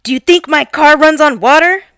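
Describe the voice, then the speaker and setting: A woman voicing a rude, furious man in his late eighties who yells and curses. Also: sits high, animated, moderate pace, no room sound, clean studio sound. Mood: furious yelling. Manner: yelling, cursing.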